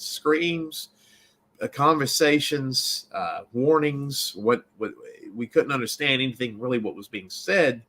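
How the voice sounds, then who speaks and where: A man from Baltimore, a filmmaker and actor, telling a story in a rambling, animated way with many restarts in a casual interview. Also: mid-range voice.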